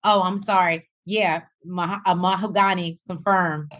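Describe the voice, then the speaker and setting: A woman's voice: fairly low pitch, a little slow. A woman co-hosting a casual reality TV recap, telling the story with acted-out quotes and plenty of swearing. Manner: animated storytelling, acts out quotes, swears freely. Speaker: podcast co-host.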